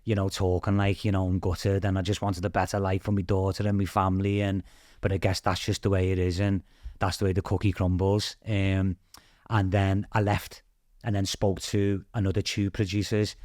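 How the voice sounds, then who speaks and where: A man with a British accent, a podcast guest telling a story in a casual, animated way, swearing freely and acting out what other people said. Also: low-pitched, moderate pace, no echo, clean studio sound. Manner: animated, swears freely, acts out quoted voices.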